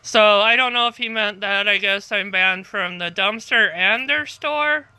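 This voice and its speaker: A woman telling a story to the camera in a calm, rambling way that circles back and repeats itself. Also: mid-range voice, a little slow, clear, resonant tone, no room sound. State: tired, half asleep. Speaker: vlogger.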